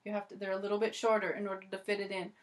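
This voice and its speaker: In a very noisy video violin lesson, a woman talks at a racing pace in a medium-pitched voice with little pitch movement. She is chatty and encouraging, with many "so" and "okay" starts, and loud violin playing fills the gaps between phrases.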